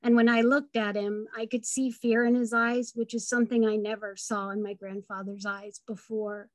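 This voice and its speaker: A woman's voice: fairly high pitch, little pitch movement, moderate pace. A woman telling a personal family story and making an earnest advocacy speech at a town hall. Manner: earnest, heartfelt, building to rallying calls.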